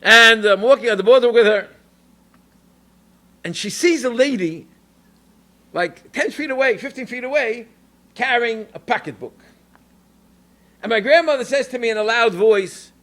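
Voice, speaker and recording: A New York rabbi and educator gives a Torah talk, animatedly recounting a personal story peppered with Yiddish and Hebrew words. His voice is very high, his speed normal, and he pauses often.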